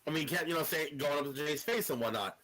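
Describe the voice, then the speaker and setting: A man's voice: on the high side, quick pace, low-quality recording. A man co-hosting a wrestling podcast, chatting casually and retelling matches with lots of energy. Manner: animated, does loud mocking voices when retelling. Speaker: podcast co-host.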